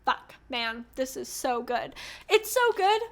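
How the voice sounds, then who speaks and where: A young woman in her twenties chatting casually as a book vlogger, gushing and animated, laughing often and swearing freely. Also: high-pitched, slow pace. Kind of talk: casual book review chat.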